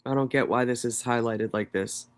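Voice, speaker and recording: A man's voice: mid-range voice, steady tone, moderate pace, smooth. A man hosting a livestream, reading court documents aloud and breaking off into blunt, profane commentary. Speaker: livestream host. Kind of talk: casual live commentary.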